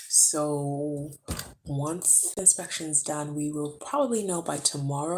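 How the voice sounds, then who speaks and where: A tired woman vlogging from home, chatting to the camera in a hushed, low voice so she does not wake a sleeping baby. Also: a little hiss or hum, poor audio. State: tired from being awake too long. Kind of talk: casual chat to camera. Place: home, indoors. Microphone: camera close up.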